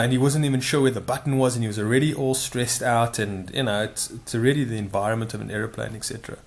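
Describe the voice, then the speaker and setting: Rambling man telling an anecdote. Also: mid-range voice. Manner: rambling, self-correcting, many asides. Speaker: storyteller. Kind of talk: casual spoken anecdote.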